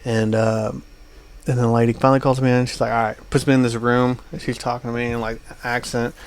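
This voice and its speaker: In a clean, medium-pitched voice with flat delivery, a podcast co-host speaks fairly quickly. His long travel anecdote wanders along in casual chat, crowded with "uh" and "like."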